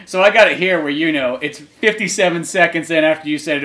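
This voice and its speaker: A young man co-hosting a podcast about his comic, chatting casually, often laughing and dropping to quiet murmurs. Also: fairly high pitch, fast talker. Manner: lively, laughing, drops to murmurs for quoted asides. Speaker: podcast co-host, comic artist. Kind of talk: casual chat.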